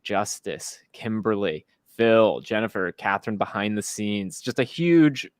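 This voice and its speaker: A man hosting a casual live-stream chat, upbeat and quick with promotional patter. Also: fairly low pitch, clear, resonant tone, no echo, clean studio sound. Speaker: host.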